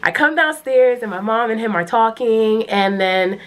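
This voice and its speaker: A woman's voice: a little high, normal speed. A woman, telling a personal story to the camera and acting out the quotes. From New York City. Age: 20s. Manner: animated, dramatic storytelling with acted-out quotes. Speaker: vlogger. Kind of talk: casual storytime.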